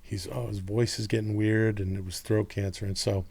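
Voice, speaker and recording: A man's voice: on the low side, little pitch movement, normal speed, creaky, a little mellow. A middle-aged man chatting casually as a podcast guest, rambling through a family story and swearing freely. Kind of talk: casual chat.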